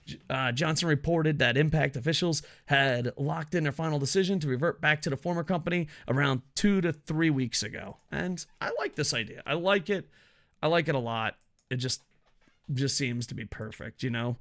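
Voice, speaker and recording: Male wrestling commentator with a gravelly voice and a cursing, sarcastic, animated delivery. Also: a little high, normal speed. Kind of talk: casual ranting commentary.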